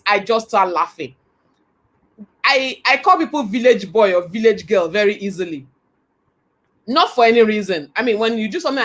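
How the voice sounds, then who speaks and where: A middle-aged Nigerian woman giving a motivational talk, telling stories in an animated, earnest way. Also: fairly high pitch. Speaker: motivational speaker.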